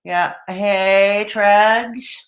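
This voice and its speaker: A woman's voice: mid-range voice, steady tone, extremely slow. A woman hosting a casual livestream, blunt and opinionated, greeting chat viewers by name between comments. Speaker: livestream host.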